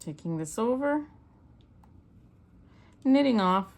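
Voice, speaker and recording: Her voice sits on the high side, a little mellow, with lively intonation and a slow pace. A middle-aged woman from Canada, she chats in a homey way while demonstrating loom knitting step by step in a hands-on tutorial.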